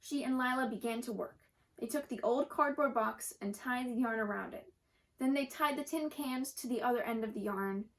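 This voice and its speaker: Woman storyteller, gentle read-aloud for kids, slightly high voice. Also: normal speed, rough recording. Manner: gentle, occasional slips and self-corrections.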